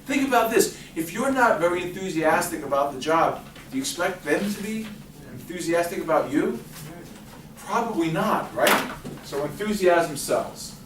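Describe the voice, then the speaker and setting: Male workshop presenter, slightly high voice, lively interactive delivery, recorded from a distance in an echoey library room. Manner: lively, chatty, asks the audience questions. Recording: echoey room, distant mic, faint noise.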